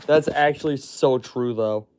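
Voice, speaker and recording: A man's voice: medium pitch, measured pace, heavy background noise. A young man casually opening his video as host, rambling and tripping over his words.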